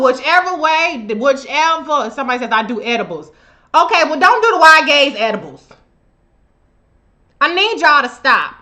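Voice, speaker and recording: Woman, bright sharp voice, sassy profane commentary, live stream. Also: high voice. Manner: sassy, emphatic, loose and profane. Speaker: live show host. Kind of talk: profane political commentary monologue.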